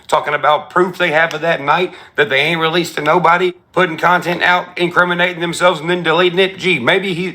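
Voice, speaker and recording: A man's voice: on the high side, sharp tone. A man telling a story in a profane, sarcastic rant, mimicking the people he quotes. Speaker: content creator in a clip being reacted to.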